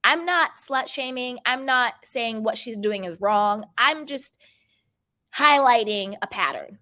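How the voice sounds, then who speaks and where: A woman talks straight to her viewers about reality TV drama in a chatty, emphatic way. She often repeats a phrase to hammer a point home. Her voice is bright and forward. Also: a little high, lively intonation, slow pace. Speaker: host of a pop culture channel. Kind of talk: reality TV gossip commentary.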